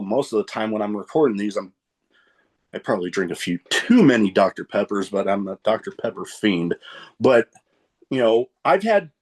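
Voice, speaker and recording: A man hosting a casual podcast interview in an easygoing, chatty manner with casual swearing. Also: medium pitch. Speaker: podcast host.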